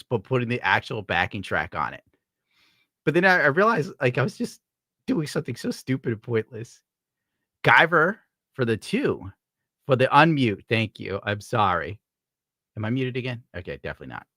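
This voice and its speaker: Dude streamer reading tips, cussing and rambling, bright voice, dead dry room. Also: male voice, medium pitch, no room sound. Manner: profane, rambling, jokey. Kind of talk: casual live-stream chat.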